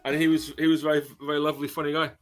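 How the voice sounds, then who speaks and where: A man's voice: a little high, monotone, very fast, faint music behind. A British man hosting a casual podcast interview, chatty and storytelling, with rambling questions. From Britain. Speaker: podcast host, drummer.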